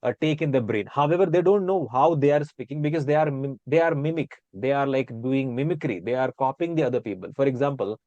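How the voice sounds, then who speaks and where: A man with an Indian accent explains how words are pronounced, saying example words again and again to make each sound clear. His voice sits at an ordinary middle pitch. The sound is dry and close, with no room echo. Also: quick pace, few pauses, a little mellow, lo-fi sound. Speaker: guest speaker on accents. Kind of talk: casual explanatory chat.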